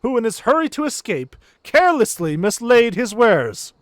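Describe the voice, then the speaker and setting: A man voicing a pompous, bumbling gentleman inspector in a grandiose manner, reading game dialogue aloud. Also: very high voice, very animated, normal speed, no room sound.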